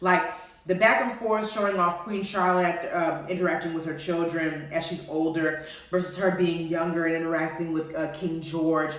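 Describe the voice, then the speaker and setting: A woman hosting a live-streamed TV review chat, gushing and animated and calling her listeners honey and y'all. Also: deep voice, moderate pace. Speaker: host. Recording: very echoey room, far from the mic.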